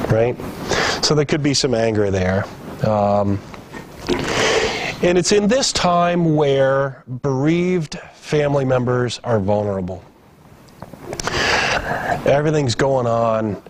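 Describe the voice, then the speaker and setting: A man's voice: medium pitch, takes it slowly, long pauses, noisy background. A man giving a grief training lecture to emergency staff, talking casually and acting out family members' words with his voice raised. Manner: conversational, acts out family members' lines in raised voice. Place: training room.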